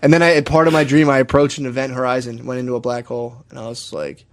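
A man's voice: mid-range voice, fast talker. A young man in casual chat, telling rambling, profane stories and saying "dude" constantly.

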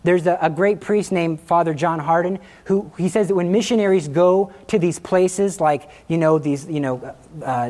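A man in his thirties gives an informal Catholic talk built around his own story. He tells it vividly, acting out what people said and laughing at himself along the way. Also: high-pitched. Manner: animated, acts out quotes, laughs at himself. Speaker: Catholic speaker giving a testimony.

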